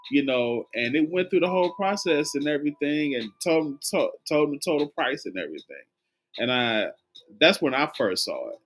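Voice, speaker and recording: A woman's voice: deep voice, a little fast. A woman with a Southern country accent, co-hosting a casual chat and acting out quoted speech in a jokey way. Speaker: podcast co-host.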